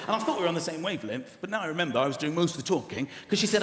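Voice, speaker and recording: A man's voice: a little high, rapid-fire, background noise. A man performing stand-up comedy, telling stories animatedly and acting out characters. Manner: animated storytelling, acts out characters. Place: large theatre stage. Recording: echoey theatre with loud crowd laughter.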